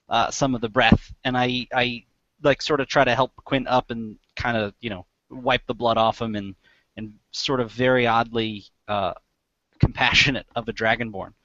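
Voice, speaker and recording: A man's voice: medium pitch, fairly bright tone, no echo. A man playing a tabletop game, describing his character in a rambling, hesitant way. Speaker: player. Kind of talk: casual game talk. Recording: dry, dull lo-fi.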